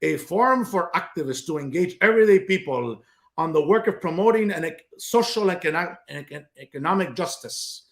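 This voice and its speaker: A man's voice: a little high, lively intonation, brisk, echoey room. A man putting on a mocking imitation of a preachy woman activist who hosts a show, reading her show's blurb in a stumbling sing-song.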